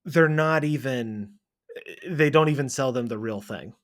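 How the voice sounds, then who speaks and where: A man co-hosting a movie podcast in casual chat, chatty and rambling with quick asides. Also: mid-range voice. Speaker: podcast co-host.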